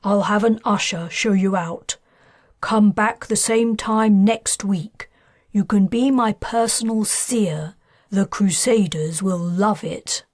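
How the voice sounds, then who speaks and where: Lady reading as a cool bargaining man, clipped and firm, slow and dry. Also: sits high, no room sound. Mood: brisk. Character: guarded, bargaining upper-class man.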